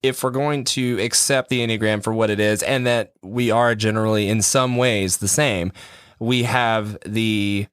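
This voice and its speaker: A young man co-hosting a podcast in casual chat, animated, laughing often and trailing off into restarts. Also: lowish voice, no room sound, clean studio sound. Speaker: podcast co-host.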